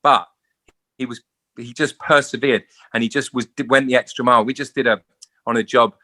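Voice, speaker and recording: A middle-aged English actor, a guest in a casual interview, telling stories animatedly and acting out quoted voices. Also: male voice, mid-range voice, steady tone, brisk, bright, forceful tone. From England.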